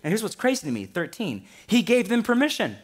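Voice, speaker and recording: A man in his thirties preaching a sermon in a church, animated and lively, with humor. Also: high voice, a little fast. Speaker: pastor. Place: church sanctuary.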